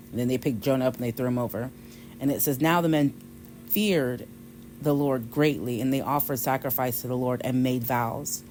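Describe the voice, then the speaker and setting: A woman's voice: very deep voice, moderate pace, a little mellow, slight background noise, low-quality recording. A woman hosting a devotional podcast, retelling a scripture passage in a casual, conversational way. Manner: conversational, retells scripture with quoted voices and light laughs. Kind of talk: casual Bible study talk.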